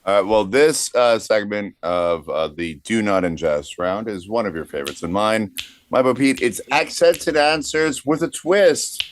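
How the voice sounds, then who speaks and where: Man, podcast co-host, slightly low voice, hesitant rambling delivery, dry close sound. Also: measured pace, dry recording. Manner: rambling, hesitant, lots of fillers. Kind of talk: comedic podcast banter.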